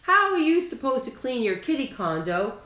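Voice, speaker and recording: A woman's voice: high voice, very animated, moderate pace, fairly bright tone, reverberant, pitched above the performer's own voice. Woman playing an emphatic, bossy cat mama. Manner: emphatic, scolding.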